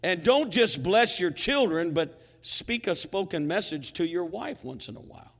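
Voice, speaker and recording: A man in his sixties preaching a sermon, telling stories in a lively, humorous way that swings between hushed and loud. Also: high-pitched, normal speed, gravelly, few pauses. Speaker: pastor. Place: church sanctuary. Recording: long hall reverb in sanctuary.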